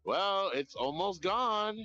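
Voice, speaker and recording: Man, live-stream chat, outdoors at night, lively rambling swearing talk, fairly high voice, dull lo-fi phone sound. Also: takes it slowly, noisy background. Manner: animated, rambling and profane. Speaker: livestreamer.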